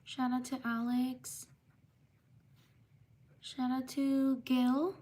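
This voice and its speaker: Woman on a livestream reading shout-outs, high voice, slow and flat. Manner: slow, flat, repetitive listing with pauses. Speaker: livestream host.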